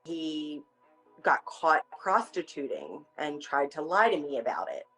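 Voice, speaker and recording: A woman with a very low voice speaks slowly and in a subdued way. Soft music plays under her words. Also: big pitch swings, rough recording.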